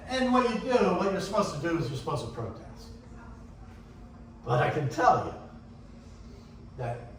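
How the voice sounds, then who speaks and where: A man teaching sailing racing tactics in a casual, anecdotal way, often acting out what other sailors shouted. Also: mid-range voice. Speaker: sailing instructor. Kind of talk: casual classroom talk on racing rules. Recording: echoey room, distant mic, faint hiss.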